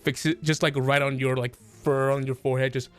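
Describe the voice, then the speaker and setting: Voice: medium pitch, flat delivery, moderate pace, clean tone, soft background music. A game master narrating a tabletop game, hesitant with many fillers and frequent laughter.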